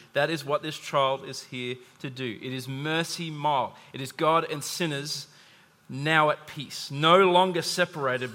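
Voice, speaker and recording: Speaking in a church hall, this pastor has a higher-pitched, bright voice with real force behind it. He delivers his sermon to the congregation in a chatty way, slipping in asides and jokes, while long reverb from the hall trails each phrase.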